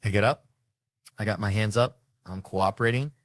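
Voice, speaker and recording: A male comedian tells a story with lots of swearing and acted-out dialogue. His voice sits fairly low. The sound is dry and close. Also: normal speed, no echo. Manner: animated, profane, acts out dialogue. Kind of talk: comic storytelling.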